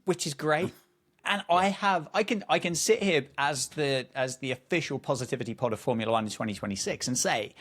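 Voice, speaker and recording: A man's voice: fairly high pitch, a little fast, a bit bright. Playful chatty male podcast host. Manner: playful, rambling, enthusiastic. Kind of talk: casual chat.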